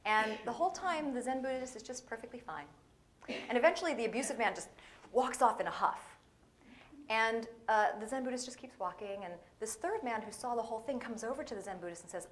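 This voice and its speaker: A woman preaching a guest sermon in a playful, conversational way, often turning to the audience with quick asides. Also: fairly high pitch, a little hiss or hum. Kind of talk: humorous sermon. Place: spiritual center hall.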